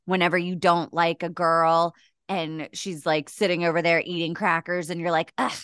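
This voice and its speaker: A woman's voice: on the low side, flat delivery, normal speed, fairly bright tone, smooth, dry recording, studio quality. A woman co-hosting a podcast in casual chat, wry and teasing, laughing often. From western US. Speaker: podcast co-host.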